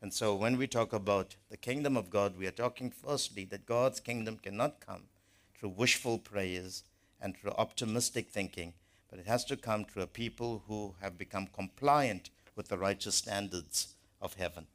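A man delivers a sermon in a fairly low voice. He speaks earnestly and with emphasis, restarting phrases and repeating words as he presses each point. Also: moderate pace. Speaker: preacher.

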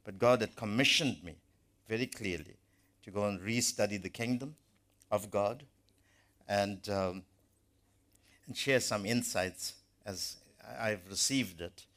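Low-voiced man preaching an earnest sermon. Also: measured pace, long pauses, a bit bright. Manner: earnest, emphatic, with frequent repeated words and restarts.

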